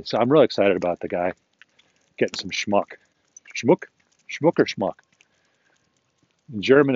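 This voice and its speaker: A man's voice: deep voice, darkish tone, husky, no room sound. Rambling man on a muffled walking podcast. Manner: chatty and self-talking, chuckles often. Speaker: podcast host. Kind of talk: rambling casual monologue. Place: outdoors, walking a dog.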